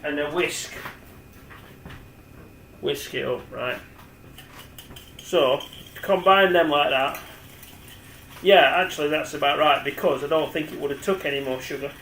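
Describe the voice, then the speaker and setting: A man's voice: fairly high pitch, unhurried, pauses often, fairly bright tone, echoey room, slight background noise, poor audio. A man, rambling chattily as he demonstrates cooking at home and talks to the camera. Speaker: home cook. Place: home kitchen.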